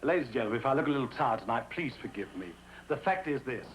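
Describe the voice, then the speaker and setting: Jaunty comedian's stand-up monologue. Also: male voice, medium pitch, animated, low-quality recording. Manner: brisk, jaunty joke-telling. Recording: old TV audio with faint hiss.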